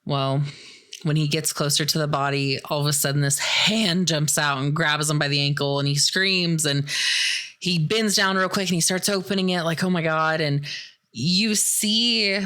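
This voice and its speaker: A woman's voice: low voice, a little slow, a bit bright. A young adult woman hosting a podcast, casually recapping a horror film in a chatty way, full of "like" and "dude". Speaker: podcast host.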